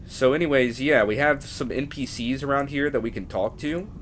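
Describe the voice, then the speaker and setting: A man streaming a game live, chatting casually to viewers and getting emotional and excitable, at times nearly shrieking. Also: mid-range voice, normal speed, a little hiss or hum. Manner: emotional, excitable, shifts from calm to near-shrieking.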